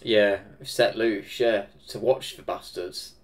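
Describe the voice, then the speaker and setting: A man with an English Midlands accent reacting to a film, excitable, swearing and laughing often. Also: fairly low pitch, slow pace. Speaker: reaction video host. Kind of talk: casual reaction commentary.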